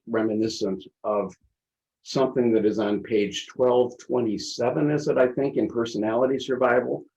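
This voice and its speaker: A man presenting on a video call, talking in a thoughtful, halting way with frequent restarts. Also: mid-range voice, a little mellow, lo-fi sound. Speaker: presenter and teacher. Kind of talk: webinar presentation, casual commentary.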